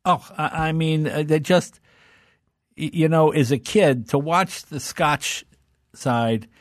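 A man's voice: on the high side, takes it slowly, no room sound, studio quality. An older man, a talk-show guest, telling childhood stories in casual conversation and slipping into voices. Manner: animated, fond of doing voices.

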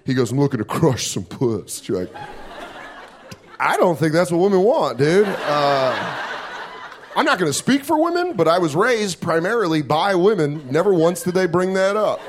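A man doing a stand-up comedy set on a club stage, profane and self-mocking, slipping into quick put-on voices. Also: high-pitched, very animated, a little hiss or hum.

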